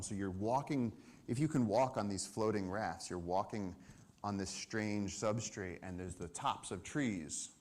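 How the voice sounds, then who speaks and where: A man telling an animated story at a live conservation event, acting out the lines of the people in it. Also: on the low side. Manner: lively storyteller, acts out dialogue and shouts. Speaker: conservation speaker.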